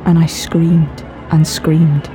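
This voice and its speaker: A woman telling a first-person horror story in a measured, dramatic scripted narration. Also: deep voice, level tone. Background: faint eerie music.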